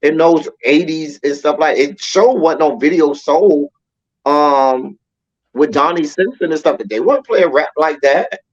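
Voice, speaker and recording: A man's voice: a little high, a little slow, dull audio. A man co-hosting a casual podcast chat, looking back on music history in a reflective manner with frequent "you know" fillers. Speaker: co-host.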